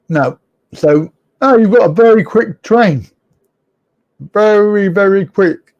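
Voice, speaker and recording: Slow, mellow-voiced man chatting. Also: high-pitched, dull audio. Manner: rambling, chuckling, self-correcting, teasing viewers. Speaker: host of a live chat show. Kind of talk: casual live-stream chat reading viewer comments.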